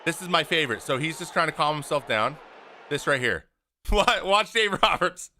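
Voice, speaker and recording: A man with a bright, forceful voice pitched a bit high talks casually over a replay. He acts out each player's lines with big swings of pitch and loudness. He sounds blunt and openly exasperated. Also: moderate pace, a little hiss or hum. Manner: animated, acts out what players say. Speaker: host, former pitcher. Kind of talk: casual video breakdown commentary.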